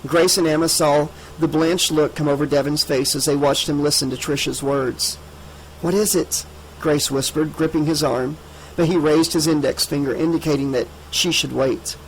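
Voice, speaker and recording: A man reading an unabridged horror audiobook in a steady, measured way. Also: a little high, slight background noise, low-quality recording. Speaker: audiobook narrator. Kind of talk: audiobook narration.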